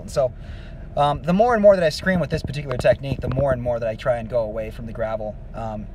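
A man giving a casual singing lesson, explaining vocal technique in a relaxed, rambling way with many fillers. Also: mid-range voice, a little hiss or hum. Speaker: vocal coach.

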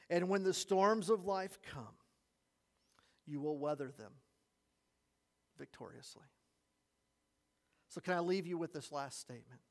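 A man preaching an earnest sermon as pastor, telling a story to his congregation. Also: on the high side. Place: church sanctuary. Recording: long reverb of a church hall.

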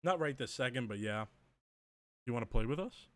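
A man streaming live, hoarse and losing his voice, thanking viewers in casual chat. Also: medium pitch, animated, brisk, dry recording. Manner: hoarse and quiet after singing, thanks viewers.

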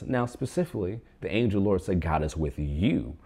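A man's voice: sits low, lively intonation, quick pace, warm tone, breathy edge. A man preaching a sermon, reading scripture aloud and urging the online congregation to repeat phrases after him. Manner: preaching with call-and-response prompts to the online congregation. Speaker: pastor.

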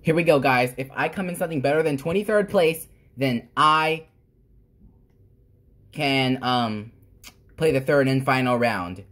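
A woman hosting gameplay commentary, excitable, with sudden squeals and exclamations. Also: a bass voice, unhurried, long pauses. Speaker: gamer, channel host.

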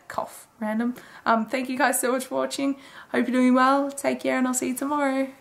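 A woman's voice: high voice, level tone, moderate pace, vocal fry. A woman in her twenties rambling casually through a late-night video diary, chatty and full of fillers. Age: 20s. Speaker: daily vlogger.

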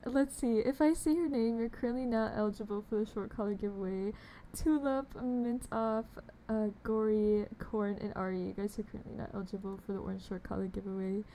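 A woman's voice: medium pitch, fairly even intonation, brisk, few pauses, warm tone, slight background noise. A young woman streaming a game live, chatting casually and bubbly with her viewers, laughing often. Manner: bubbly, giggly, talks to chat.

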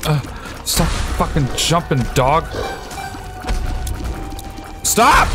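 A man giving profane, excitable commentary as he plays a video game, shouting at enemies. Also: mid-range voice. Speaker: gaming streamer. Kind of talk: let's play commentary. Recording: game music behind.

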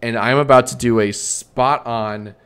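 A man streaming a comedy bit, bantering with himself in a deadpan, sarcastic way and swearing often. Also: mid-range voice, a little slow, smooth.

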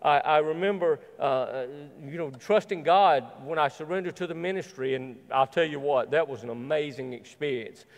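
Man, pastor, high voice, earnest sermon storytelling, long church reverb. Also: moderate pace, hardly any pauses. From Southern United States. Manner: earnest storytelling with repeated phrases. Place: church sanctuary.

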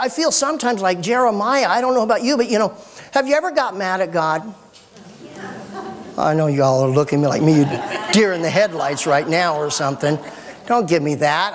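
A middle-aged man preaching a sermon as pastor, folksy and animated with joking asides. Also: high voice.

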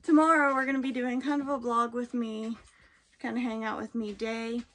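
A woman's voice: a little high, fairly bright tone. Tired, chatty woman vlogging. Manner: chatty, rambling, says "y'all" and "freaking". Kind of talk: casual vlog chat. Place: camper home with dogs.

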